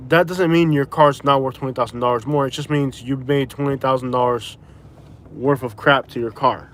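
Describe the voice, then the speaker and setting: A man from Florida, live-streaming from inside his car, talking in a rambling, casual way, often restarting and correcting himself, and tired with a migraine. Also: fairly high pitch. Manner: rambling, self-correcting, chatty. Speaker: vlogger. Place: inside a vehicle.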